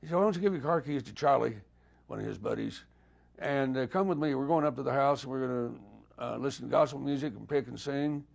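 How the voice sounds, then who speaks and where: Older man, gravelly voice, laid-back raconteur acting out old conversations. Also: mid-range voice, fast talker. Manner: relaxed anecdotal storytelling, voices quoted dialogue. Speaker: guest musician. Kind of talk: storytelling interview.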